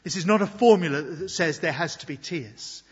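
A man preaching a sermon in an earnest, reflective way, moving between loud emphasis and quiet asides. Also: fairly high pitch, normal speed, husky. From Britain. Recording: long hall reverb, dull lo-fi sound.

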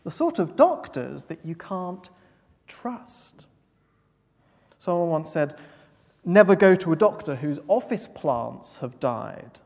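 A preacher delivering an earnest, emphatic sermon, pausing to stress key words. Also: mid-range voice, sing-song, vocal fry, a little mellow. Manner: earnest, emphatic, with pauses for weight. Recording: long hall reverb.

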